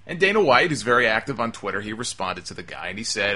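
A man's voice: on the low side, sing-song, quick pace, sharp tone. A man hosting a talk show, delivering an emphatic, exasperated opinion monologue. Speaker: wrestling talk show host.

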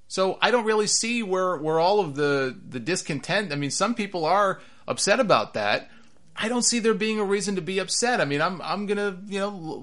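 A man giving opinionated solo commentary on wrestling, animated and sarcastic, repeating himself for emphasis. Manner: animated, rises in pitch when worked up.

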